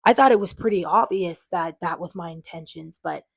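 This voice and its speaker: A woman's voice: on the low side, moderate pace, gravelly, breathy edge. A woman talking to her viewers in an unscripted vlog, defensive and frustrated, rambling with lots of fillers. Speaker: channel owner.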